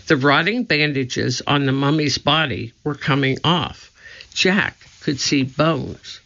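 A narrator reading a children's chapter book aloud in a slow, deliberate way. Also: mid-range voice, gravelly, sharp tone. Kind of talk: storybook reading. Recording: muffled lo-fi recording.

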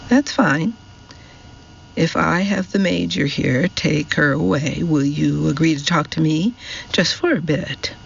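A man voicing Brian, a cheerful middle-aged male volunteer who talks in a casual, unhurried, matter-of-fact way. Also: on the high side, vocal fry, muffled recording, slight background noise. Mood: easygoing.

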